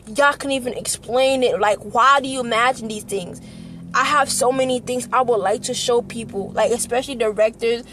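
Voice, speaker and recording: A young woman records an emotional personal vlog, speaking earnestly and passionately, often repeating herself and tearful at times. Her voice is a little high and fairly bright, at a moderate pace.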